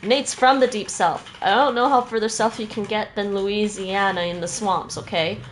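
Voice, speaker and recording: A woman's voice: mid-range voice, steady tone, normal speed, a little hiss or hum. A woman streaming a video game, chatting casually with her viewers and laughing often. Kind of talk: casual chat while gaming.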